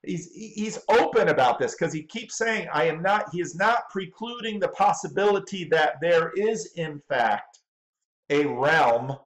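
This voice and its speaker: A man's voice: a little high, expressive, unhurried, poor audio. A male pastor giving running commentary on a video clip, thinking aloud in a stop-start way and repeating words.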